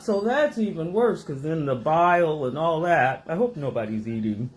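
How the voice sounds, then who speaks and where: A woman host telling a rambling personal story to her viewers in a casual, animated way, recorded in her home kitchen. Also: low voice, normal speed. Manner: animated, rambling, acts out voices in her stories.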